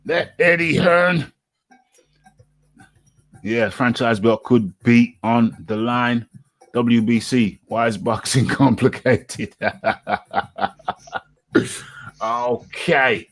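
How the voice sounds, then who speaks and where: Animated, laughing male boxing host. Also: medium pitch, very slow, pauses often, no echo. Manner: animated, laughs often, repeats himself. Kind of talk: casual boxing chat.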